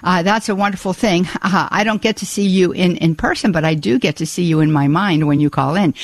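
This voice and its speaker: A woman's voice: fairly low pitch, no room sound. A woman hosting a live call-in radio show, talking in a chatty way with many filler uhs and restarts. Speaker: radio talk show host.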